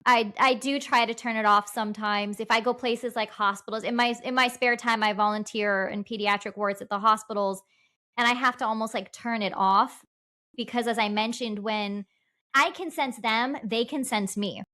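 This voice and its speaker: A woman's voice: fairly high pitch, steady tone, moderate pace, bright, forceful tone. A woman, a paranormal investigator guest on a podcast, sharing her experiences in an earnest, matter-of-fact way with frequent restarts. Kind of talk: casual podcast conversation.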